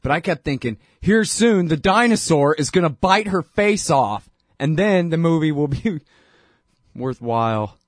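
Man, talk show host, sarcastic political monologue, slightly high voice, dry close sound. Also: lively intonation, measured pace, no echo. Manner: sarcastic, mocking, rising to indignant outbursts.

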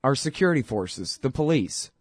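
A man's voice: mid-range voice, very animated, normal speed, dry recording, clean studio sound. A man in his forties hosting a talk show, delivering heated, sarcastic political commentary. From United States. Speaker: podcast host.

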